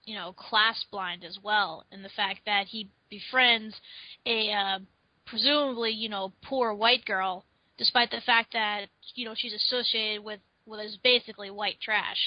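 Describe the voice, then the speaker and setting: A young woman co-hosting a casual film discussion, making measured points with fillers. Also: medium pitch, fairly even intonation, no room sound. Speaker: podcast co-host. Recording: dry, dull lo-fi audio.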